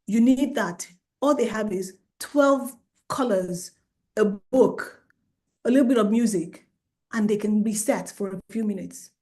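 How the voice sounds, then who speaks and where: A middle-aged woman gives a lively talk to parents about helping children calm down. She slips into the voices of parents and children to act out the moments she describes. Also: mid-range voice, a little slow. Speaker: child development specialist.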